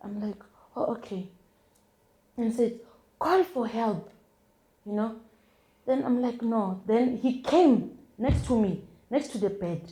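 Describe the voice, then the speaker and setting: A young South African woman telling a personal testimony as an interview guest, in a halting, hesitant way full of restarts and repeated words. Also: fairly high pitch, mellow. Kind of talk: emotional first-person storytelling.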